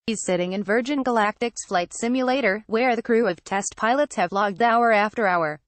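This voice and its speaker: A woman reading a news feature in a measured, scripted narration, reading quoted lines in the same even voice. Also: fairly high pitch, dry recording. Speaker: news reader.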